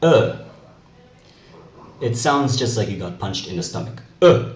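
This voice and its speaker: A man's voice: fairly low pitch, lively intonation, brisk. A man from Canada teaching a class through a video lesson, explaining carefully and spelling out letters one by one. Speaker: French teacher. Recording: echoey room with faint noise.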